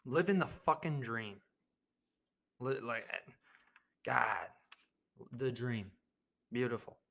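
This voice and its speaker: A young man hosting his own podcast, rambling through a jokey, profane monologue with sudden loud bursts. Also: medium pitch, takes it slowly. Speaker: podcast host. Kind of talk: casual comedic monologue.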